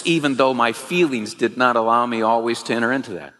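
A man's voice: mid-range voice, steady tone, fast, hardly any pauses, a bit bright, long reverb tail. A man preaching, telling his own story with earnest, emphatic rising phrases. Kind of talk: sermon testimony.

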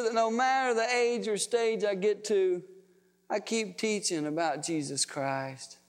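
A man's voice: high-pitched, a little slow, smooth. A man preaching a sermon, telling family stories in a folksy, emotional way. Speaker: pastor. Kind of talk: storytelling sermon. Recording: long reverb of a large hall.

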